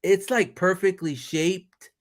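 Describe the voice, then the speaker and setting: A high-pitched man hosts a livestream chat at a slow pace, full of animated, profane joking and frequent laughter. A crowd can be heard in the background.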